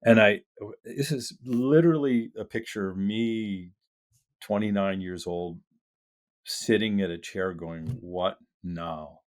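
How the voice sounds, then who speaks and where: An older man guesting on an interview show, telling his life story in a casual, animated way and acting out the voices of people in it. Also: on the low side, measured pace. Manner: casual with mild swearing.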